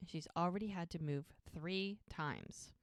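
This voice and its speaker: Measured in pace and lowish in pitch, a woman speaks in a clean studio recording free of room sound. Her casual recap as a podcast co-host goes over show scenes, with the characters' lines performed in animated voices.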